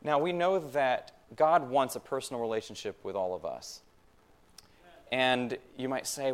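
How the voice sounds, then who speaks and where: A man's voice: mid-range voice, lively intonation, normal speed. A man preaching a sermon in a church, talking conversationally, asking the congregation rhetorical questions and repeating phrases for emphasis. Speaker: pastor.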